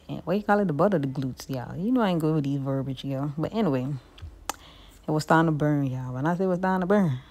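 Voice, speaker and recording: A woman's voice: deep voice, mellow. A young woman narrating her vlog in a chatty, laid-back way. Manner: chatty, laid-back, keeps saying "y'all". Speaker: vlogger. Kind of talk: casual voice-over narration.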